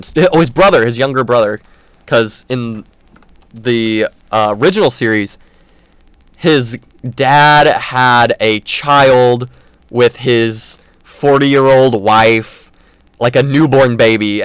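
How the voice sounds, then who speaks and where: A man's voice: on the low side, clean tone, no room sound. A man hosting a podcast, chatting casually and enthusiastically, rambling with many fillers. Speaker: podcast host. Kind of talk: casual chat.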